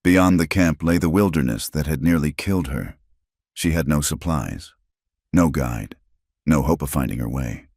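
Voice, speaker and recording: Very deep-voiced male narrator. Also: moderate pace, darkish tone, slightly rough, no echo, clean studio sound. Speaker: storyteller. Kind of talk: scripted narration.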